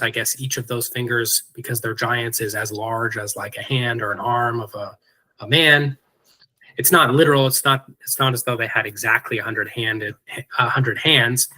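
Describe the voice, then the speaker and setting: Guy teaching an online class, bright tense voice, chatty, lots of um and uh. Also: mid-range voice, poor audio. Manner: casual, explanatory, with lots of fillers and asides.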